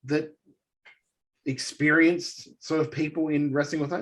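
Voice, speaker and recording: A man co-hosting a wrestling podcast, ranting in an animated, exasperated way during casual chat. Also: on the high side, unhurried, pauses often. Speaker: podcast co-host.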